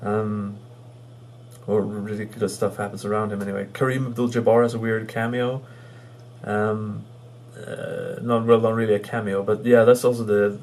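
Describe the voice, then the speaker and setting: A man with a lowish, slightly mellow voice and little pitch movement talks through a casual movie review. He speaks in halting bursts full of ums and restarts, chuckling as he retells the jokes he loves.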